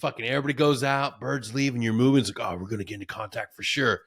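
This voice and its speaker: A man's voice: mid-range voice, very fast, slightly rough. A man hosting a podcast, a veteran telling war stories in casual, profane chat. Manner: profane, animated storyteller.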